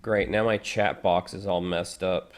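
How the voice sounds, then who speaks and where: A man's voice: deep voice, steady tone, measured pace. A man hosting a live reaction stream, chatting casually and reading viewer comments aloud.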